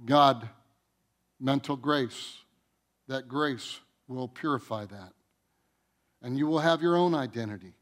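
A male pastor delivering a sermon in church, preaching with passion, building to loud emphatic runs and repeating phrases. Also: medium pitch, takes it slowly, pauses often.

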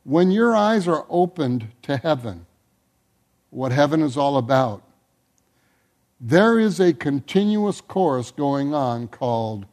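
High-voiced pastor man preaching slow, pushes up on repeated words then drops soft at the ends. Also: very animated. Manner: emphatic, building intensity on repeated words. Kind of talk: sermon.

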